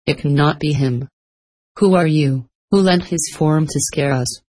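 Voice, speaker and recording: A woman's voice: deep voice, measured pace, a little mellow. A woman reading the lines of a proud, hardened old mother, in a storybook telling. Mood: dismayed.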